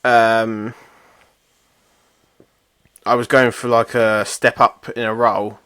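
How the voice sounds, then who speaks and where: A man's voice: lowish voice, little pitch movement, slow, fairly bright tone, clean tone, no echo, studio quality. A young man co-hosting a podcast, telling rambling, self-mocking stories with lots of swearing. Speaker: podcast co-host. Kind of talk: casual chat.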